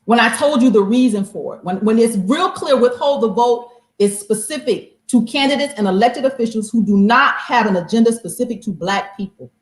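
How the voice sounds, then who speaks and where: A woman's voice: on the high side, brisk, hardly any pauses. Confrontational woman host in an echoey room. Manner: confrontational, pressing with pointed questions. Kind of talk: heated debate on a call-in show.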